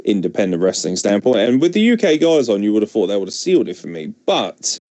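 A man's voice: lowish voice, big pitch swings, fast, dark tone, dry recording, studio quality. A young English man with an English accent hosting a podcast in casual, blunt, joking chat. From England. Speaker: podcast host.

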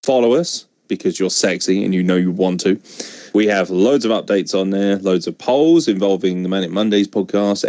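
A man's voice: low-pitched, a little mellow, no echo, studio quality. Blunt, sweary English man podcasting. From England. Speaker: podcast host. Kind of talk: casual podcast chat.

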